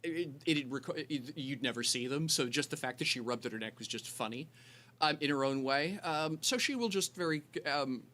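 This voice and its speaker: A man's voice: mid-range voice, expressive, moderate pace, bright, forceful tone. A man narrating a tabletop game as game master, rambling with many fillers and restarts.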